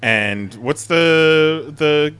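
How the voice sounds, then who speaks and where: A man's voice: fairly high pitch, animated, extremely slow, fairly bright tone, smooth, dry recording. A man chiming in with dry jokes on a casual podcast. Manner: dry joking interjections. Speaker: podcast co-host.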